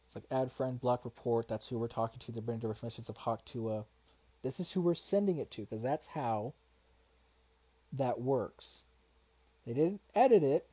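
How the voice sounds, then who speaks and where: Speaking at a normal pace, this man has a dark, husky mid-range voice. During his response-video livestream he rambles in a relaxed way, but frustration creeps in as he searches, with swearing and muttered asides.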